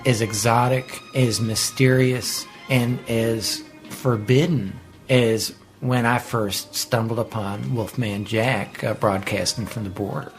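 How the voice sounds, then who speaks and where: A man of middling pitch tells a memory for a radio documentary, savoring each detail vividly. Faint music runs beneath his voice. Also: fairly even intonation, takes it slowly, few pauses. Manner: vivid, relishing storytelling. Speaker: interviewee. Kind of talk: recalled storytelling in interview.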